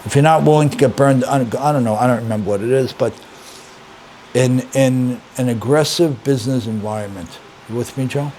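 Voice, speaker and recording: An older man, a rabbi, giving a conversational Torah lesson, emphatic and animated, repeating key words and asking his listeners questions. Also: mid-range voice, brisk, a little hiss or hum. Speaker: rabbi and teacher.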